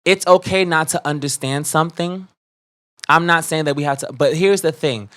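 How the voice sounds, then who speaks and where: A fired-up man sounding off on a casual podcast. He curses freely, keeps circling back to his point, and now and then jumps to loud, high bursts of outrage. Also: moderate pace. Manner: fired-up, profane ranting with sudden loud bursts. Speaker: podcast co-host. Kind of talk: heated casual commentary.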